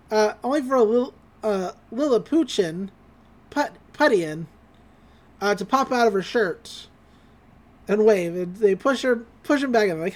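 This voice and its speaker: A podcast co-host recapping a cartoon episode in casual chat, bouncing into quick character voices as the scenes are retold. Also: mid-range voice, lively intonation.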